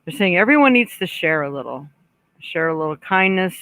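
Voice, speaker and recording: Woman psychic, live-stream host, conversational and warm-toned chatter, dry close-miked recording. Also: on the low side, lively intonation, brisk, no echo, low-quality recording. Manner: chatty, reads out viewer comments, relays spirit messages; frequent throat clearing and small laughs. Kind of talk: casual live-stream chat and card reading.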